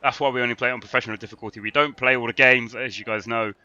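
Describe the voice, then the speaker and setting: A man commentating on his own football video game livestream, getting worked up and shouting at the players. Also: medium pitch, rapid-fire, lo-fi sound. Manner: excitable, shouts at the players on screen. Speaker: gaming streamer. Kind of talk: live gameplay commentary.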